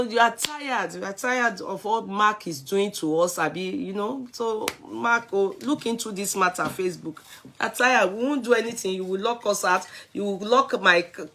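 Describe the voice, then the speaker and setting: Nigerian lady on a live stream, bright voice, chatty, shouting out viewers one by one, mixes in yoruba. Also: medium pitch. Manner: chatty, warm greetings, switches into Yoruba. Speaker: vlogger greeting live viewers. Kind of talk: casual live-stream chat.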